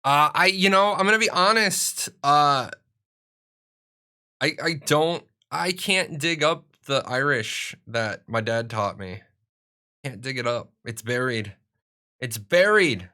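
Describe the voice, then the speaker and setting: A man's voice: a little high, slow pace, sharp tone, clear, resonant tone. A young adult man chatting casually and rambling on a live stream, joking about himself as he goes. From United States.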